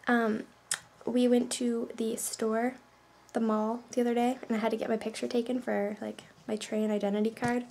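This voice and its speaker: A woman's voice: a little high, level tone, moderate pace, vocal fry, a little mellow. A woman from Canada, chatting casually in a vlog, rambling with lots of fillers. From Canada, New Brunswick. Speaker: vlogger.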